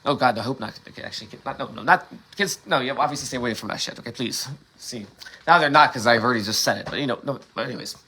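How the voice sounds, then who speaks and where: A man's voice: medium pitch, fast, bright, forceful tone, husky. A man hosting a late-night solo livestream, rambling with frequent restarts, swearing and laughing at himself. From Ohio. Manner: rambling, self-interrupting, profane and laughing. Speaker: livestream host.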